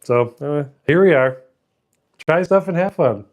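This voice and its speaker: A man's voice: a little high, expressive, unhurried. A middle-aged man hosting his own channel, telling a story in a rambling, self-mocking way, laughing often and restarting sentences. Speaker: channel host. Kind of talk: casual storytelling monologue.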